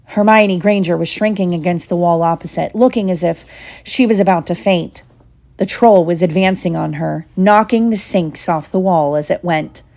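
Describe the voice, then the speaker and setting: A woman reading an audiobook in a steady, measured storytelling voice. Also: lowish voice, vocal fry. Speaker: audiobook reader. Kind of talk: audiobook narration.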